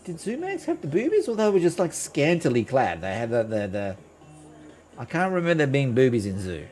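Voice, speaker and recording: A man's voice: medium pitch, wildly swooping pitch, brisk, darkish tone, faint music behind. A man streaming live, telling a rambling, profane story with lots of restarts. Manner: rambling, swears freely, restarts a lot. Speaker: game streamer.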